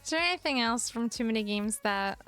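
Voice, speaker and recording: A young woman with a slightly high voice, chatting on a livestream. She tells stories animatedly, laughs often and swears freely, with soft music playing underneath. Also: expressive, fairly quick. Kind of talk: casual chat.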